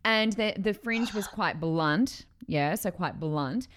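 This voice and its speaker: A middle-aged woman telling a story in a casual chat, animated, with many fillers and restarts. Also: mid-range voice, slow pace, a little hiss or hum.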